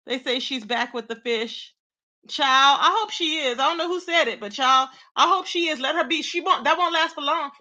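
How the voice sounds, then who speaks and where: A woman's voice: sits high, moderate pace, sharp tone. A woman hosting a casual live stream, talking sassily and directly to her chat viewers, greeting them by name. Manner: sassy, talks straight to chat viewers. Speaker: livestream host.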